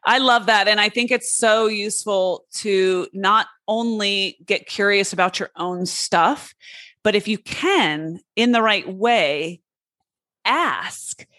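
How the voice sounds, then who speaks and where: A woman hosts a podcast in a relaxed, conversational way, talking candidly and poking fun at herself, with an easy laugh. Her voice sits at an ordinary pitch and is recorded dry and close to the mic. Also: takes it slowly, no echo. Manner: candid, self-deprecating, laughs easily. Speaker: podcast host. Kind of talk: casual conversational chat.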